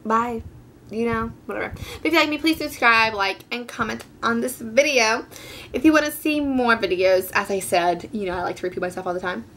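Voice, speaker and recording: A teenage girl rambles through a casual storytime, packing every sentence with fillers and mimicking the people in it. Her voice is bright and forward. A faint hiss of room noise sits under it. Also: a little high, a little fast. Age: teens. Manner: chatty, rambling, full of fillers; quotes people in lively voices. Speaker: vlogger.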